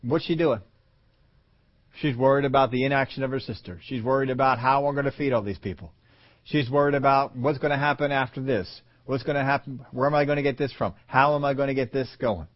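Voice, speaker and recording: A man preaching a sermon who acts out voices calling names, swinging from loud calls to soft, low lines. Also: a little fast. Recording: dull lo-fi audio.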